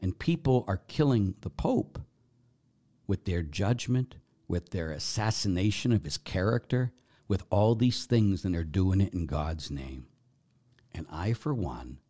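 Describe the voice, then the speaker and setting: Impassioned priest, loud then hushed. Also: male voice, deep voice, expressive, unhurried. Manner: impassioned and blunt, swinging from loud emphasis to hushed near-whispers. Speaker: Catholic priest, podcast host. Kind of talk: podcast monologue answering questions.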